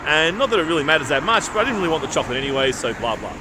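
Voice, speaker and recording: An Australian travel vlogger chats casually outdoors, racing through stories in a slightly high voice. He animatedly acts out conversations while street noise and passing traffic fill the background.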